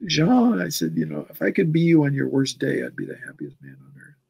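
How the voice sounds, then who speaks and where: A man in his sixties tells long stories in a relaxed interview, rambling and doubling back on his words. His voice sits a little high and has a gravelly, husky texture. The recording is dry and close. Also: brisk, dry recording, rough recording. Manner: rambling, repeats words when recounting. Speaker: comic artist guest. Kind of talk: casual interview storytelling.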